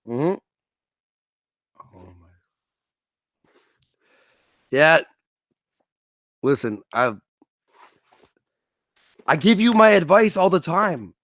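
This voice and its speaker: Speaking very slowly and pausing often, a Canadian man with a medium-pitched voice does casual stream commentary on a dry recording. He curses a lot and plays out small scenes in comic voices.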